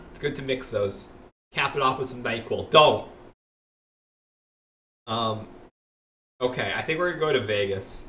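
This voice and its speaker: Excitable male streamer, lively pitch. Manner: excitable and rambling, bursts of loud laughter. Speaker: livestreamer playing a video game. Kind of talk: casual let's-play commentary. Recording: echoey room, voice far from the mic.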